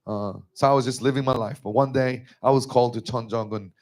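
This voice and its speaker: A man's voice: steady tone, fast, a little mellow. Emotional man giving a church testimony. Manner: emotional, rising to high strained pitch when moved. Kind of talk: personal testimony sermon.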